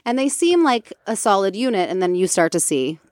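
A woman co-hosting a podcast, chatting casually as she retells a movie story, animated and quick to slip into playful impressions. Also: mid-range voice, dry recording, clean studio sound. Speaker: podcast co-host.

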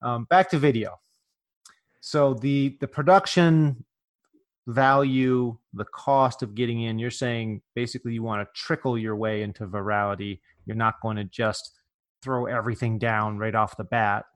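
A man's voice: mid-range voice, steady tone. A man from rural California hosting a casual podcast interview, joking and laughing easily with his guest. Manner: jokey, quick to laugh. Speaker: podcast host.

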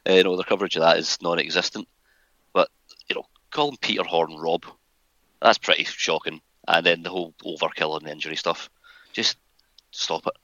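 Man, very low voice but bright and forceful, sarcastic sweary rant, dry muffled sound. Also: fairly even intonation, fairly quick, no echo. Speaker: podcast guest. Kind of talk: casual chat.

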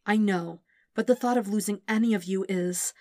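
A woman's voice: mid-range voice, moderate pace, a little mellow, no echo, clean studio sound, close to an everyday voice. A woman voicing a sarcastic, protective teenage boy warrior who sounds emotional and sometimes grumbling. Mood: anguished.

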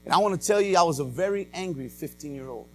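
A male pastor preaching a dramatic personal testimony, swinging between loud and hushed, with many "uh" and "amen" fillers. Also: fairly high pitch, fast talker, slight background noise. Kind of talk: sermon.

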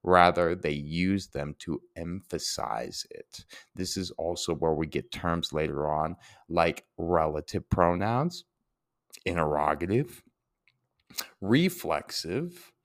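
A man's voice: low-pitched, takes it slowly, no room sound, clean studio sound. A man giving a casual Latin grammar lesson, chatty and self-deprecating, often asking rhetorical questions. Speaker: Latin teacher.

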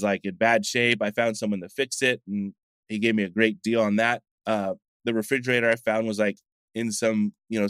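A man's voice: lowish voice, clear, resonant tone, dry recording. A middle-aged man from the United States, a coffee shop founder telling rambling stories in a casual interview. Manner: chatty, rambling anecdotes with frequent fillers.

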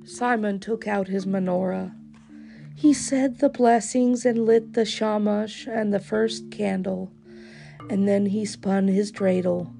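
A woman reading a children's storybook aloud in a slow, expressive way. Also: mid-range voice, creaky, over music.

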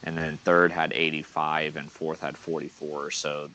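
Super deep-voiced guy on a sports podcast, laid back recap. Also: flat delivery, measured pace, bright, forceful tone, muffled recording. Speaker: podcast co-host. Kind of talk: casual sports podcast chat.

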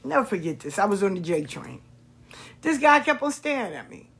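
A woman hosting a podcast, telling stories in a casual monologue, expressive and repetitive, swearing freely. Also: mid-range voice, a little fast, gravelly, husky. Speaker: podcast host.

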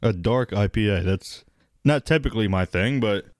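A man's voice: lowish voice, normal speed, no echo, clean studio sound. A man co-hosting a casual podcast chat, laid-back and blunt, swearing casually. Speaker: podcast co-host.

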